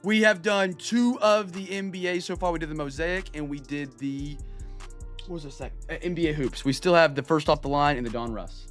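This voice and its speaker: A man's voice: a little high, brisk, fairly bright tone, soft background music. A young man hosting a live card break stream, chatting upbeat with viewers, greeting them by name and stretching out hype calls.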